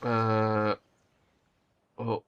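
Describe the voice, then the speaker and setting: A man's voice: lowish voice, monotone, very slow, a bit bright, lo-fi sound, a little hiss or hum. A man hosting a strategy game let's play, casually thinking aloud and swearing now and then. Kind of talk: gameplay commentary.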